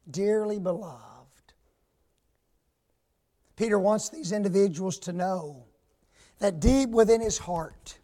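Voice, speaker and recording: A man preaching a sermon in a high voice, taking his time over every phrase. He punches key words, then falls to a hush and asks his listeners questions. The delivery is emphatic and pulpit-style. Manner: emphatic, swings from loud stress to hushed asides; asks the congregation rhetorical questions.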